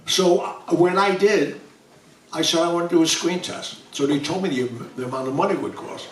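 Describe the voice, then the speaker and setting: A man's voice: fairly high pitch, brisk, a little hiss or hum. Older new man telling stories in a roomy hall. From New York. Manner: chatty anecdotal storyteller acting out dialogue. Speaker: author guest speaker. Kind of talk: storytelling to a live audience. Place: bookstore event room. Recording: roomy sound from a distant mic.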